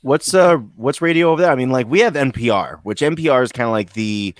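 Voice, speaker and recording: A man's voice: mid-range voice, quick pace, dry recording. A man from Vermont co-hosting a podcast, telling rambling, swearing stories in casual chat. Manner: rambling, profane storytelling. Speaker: podcast co-host.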